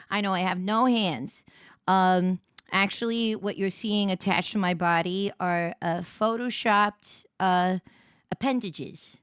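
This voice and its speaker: A woman's voice: medium pitch, steady tone, slow pace, clear, resonant tone, dry recording. A woman livestreamer chatting casually with her viewers, giggly and rambling, on a close desk microphone. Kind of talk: casual stream chat.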